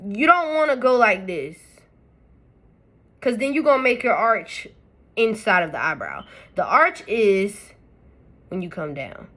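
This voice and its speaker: Lively, chatty woman teaching makeup. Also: medium pitch, a little slow, long pauses. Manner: chatty, playful, talks straight to viewers. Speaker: makeup tutorial host. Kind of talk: casual step-by-step tutorial talk.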